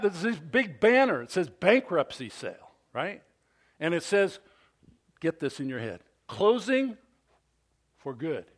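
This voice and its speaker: Animated male pastor preaching. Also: on the high side. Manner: animated storytelling with frequent questions to the congregation. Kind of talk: sermon. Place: church service.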